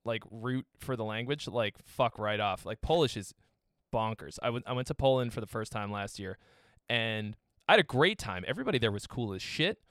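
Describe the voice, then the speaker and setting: A man's voice: lowish voice, expressive, a little fast, fairly bright tone, dry recording, clean studio sound. A man from Massachusetts in profane, joking casual chat. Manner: profane, joking, mimics people.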